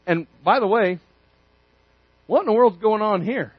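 A man preaching a sermon, telling a story with lively energy and acting out the characters' voices. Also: high-pitched, unhurried, breathy edge, no echo, lo-fi sound. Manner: animated storytelling, acts out voices.

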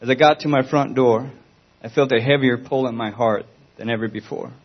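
A man speaks in an earnest, pleading way as he gives a spoken Christian testimony. His voice sits at an ordinary pitch for a man. The recording is dull and lo-fi. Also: brisk.

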